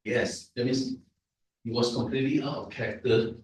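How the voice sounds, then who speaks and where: A man's voice: mid-range voice, fairly even intonation, normal speed, slight background noise. A man gives a Toastmasters language evaluation, explaining idioms and checking in with the audience as he goes. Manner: explanatory, repetitive, asks the audience "right?". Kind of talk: club meeting evaluation speech. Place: large echoey meeting room. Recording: echoey room from far off.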